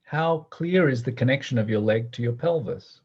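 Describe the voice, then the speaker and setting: A man teaching a guided movement class, giving gentle, playful instructions and often laughing. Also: mid-range voice, lively intonation, normal speed, slightly rough, highs cut off.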